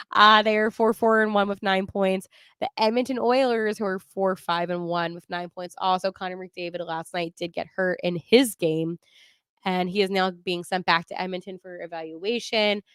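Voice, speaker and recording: A woman's voice: medium pitch, steady tone, moderate pace, a bit bright, clear, resonant tone, dry recording, clean studio sound. A woman hosting a sports podcast, talking casually and with strong opinions, laughing often as she runs through the standings. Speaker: podcast host.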